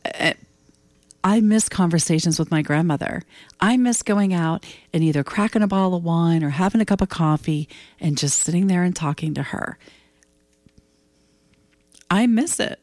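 A woman's voice: mid-range voice, normal speed, no echo. A woman in her fifties hosting her own show, talking candidly and bluntly in a casual solo monologue, swearing freely and getting emotional. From United States. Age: 50s. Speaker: podcast host.

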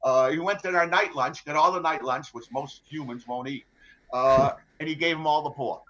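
A man's voice: on the high side, moderate pace, a bit bright. A middle-aged ship captain telling his hostage story in a matter-of-fact way with dry humor, full of fillers and restarts. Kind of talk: conversational storytelling interview. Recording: dull lo-fi sound.

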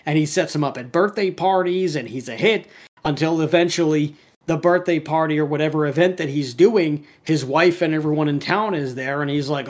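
A man's voice: on the high side, normal speed. A man in casual podcast chat, rambling through a cartoon episode with lots of fillers and restarts.

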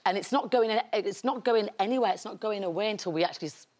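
A woman in her forties with an English accent, a guest in a talk show interview, animated and laughing often. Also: medium pitch, quick pace. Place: TV studio with a live audience. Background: studio audience.

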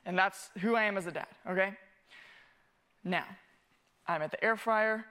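Bright-voiced animated preacher man. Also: high-pitched, normal speed, clean tone. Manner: animated, self-mocking, acts out scenes. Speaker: family discipleship pastor. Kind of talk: sermon with personal storytelling.

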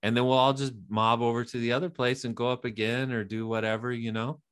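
A man chatting casually and telling a long, profane story. His everyday voice sits at a middle pitch. He keeps restarting sentences and piling on "like". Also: brisk, clean tone. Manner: profane storytelling, voices others in high excited quotes. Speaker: podcast co-host, open mic runner. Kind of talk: casual chat.

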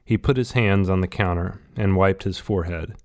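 A man reading a novel aloud in steady, scripted audiobook narration. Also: low-pitched, normal speed.

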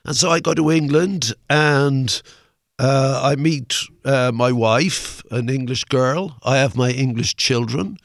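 A man's voice: medium pitch, takes it slowly, no echo, studio quality. An older Irish man, a musician guest, telling a long anecdote in a rambling way, full of fillers and the odd swear word. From Ireland. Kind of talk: anecdotal interview storytelling.

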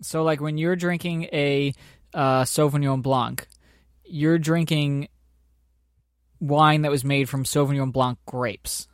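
A man's voice: on the high side, steady tone, slow pace, no echo, studio quality. A man in casual chat, explaining things in a loose, rambling way. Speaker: co-host.

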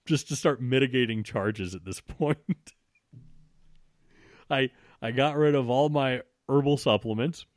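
A man's voice: medium pitch, unhurried, dry recording, studio quality. A man telling a long story in a casual, profane way, with many restarts. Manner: profane, rambling with frequent restarts.

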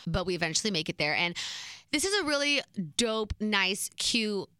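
A woman in her twenties casually telling a story, chatty and animated, laughing between beats. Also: mid-range voice, normal speed, clear, resonant tone, no room sound.

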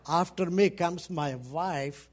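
A man's voice: a little high, takes it slowly. A middle-aged man from India with an Indian accent, a missionary pastor speaking fervently to a church congregation and repeating phrases for emphasis.

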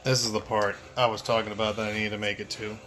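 A man giving profane, excitable let's play commentary, muttering to himself and yelling when he panics. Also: lowish voice, quick pace. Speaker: gameplay streamer.

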